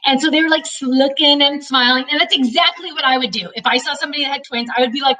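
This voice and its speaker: Chatty middle-aged woman, bright tone. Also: high-pitched, fast talker, distant mic, low-quality recording. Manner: rambling and chatty, talks to her dog. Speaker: vlogger. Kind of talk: chatty personal vlog.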